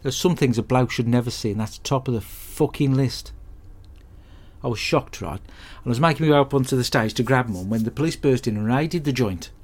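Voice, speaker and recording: An actor playing a hapless, crude bloke who rambles through a comic monologue in a deadpan, sweary way. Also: male voice, mid-range voice, a little fast, natural voice. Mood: grumbling. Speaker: comedy podcast character host.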